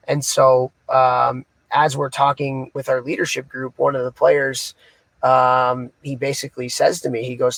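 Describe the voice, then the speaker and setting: A man's voice: medium pitch, flat delivery, normal speed, creaky, no room sound. A man who coaches hockey, co-hosting a podcast and telling a story in a casual, rambling way full of fillers. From Canada. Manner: casual, filler-heavy, retelling conversations.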